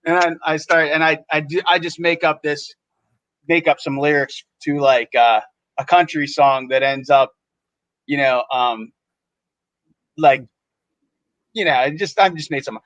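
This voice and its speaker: A man's voice: fairly high pitch, fairly even intonation, unhurried, pauses often, a bit bright, no echo. A man, a podcast co-host, telling a story in casual chat and acting out other people's lines in shifting voices. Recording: dull lo-fi sound.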